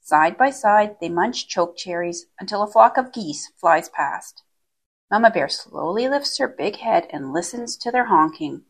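A woman reads a children's story aloud at a medium pitch, her voice lifting and dipping expressively. She sounds gentle and clearly paced for young listeners. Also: animated, unhurried.

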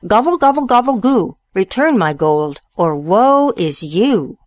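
A woman voicing an angry male turkey who chants his demands in a high sing-song. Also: very animated, unhurried, no room sound. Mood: chanting.

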